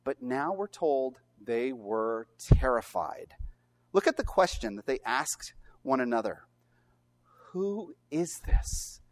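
Lively, animated preacher delivering a sermon. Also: male voice, mid-range voice, unhurried. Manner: animated storytelling with rhetorical questions; emphatic and earnest.

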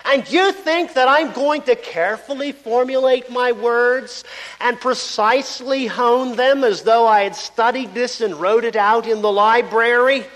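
A man's voice: extremely high pitch, unhurried, fairly bright tone, voice pushed up. A man voicing a despairing sufferer who pleads with his friends in an impassioned way, recorded with a long hall reverb. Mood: anguished.

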